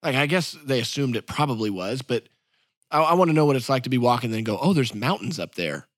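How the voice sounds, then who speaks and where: A man's voice: mid-range voice, fast, dry recording, studio quality. A man co-hosting a casual podcast, joking and thinking aloud as he talks. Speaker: podcast co-host. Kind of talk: casual chat.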